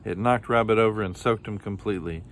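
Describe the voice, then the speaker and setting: A man reading a children's picture book aloud in a plain, steady storytelling manner. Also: fairly low pitch, quick pace. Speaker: storybook reader.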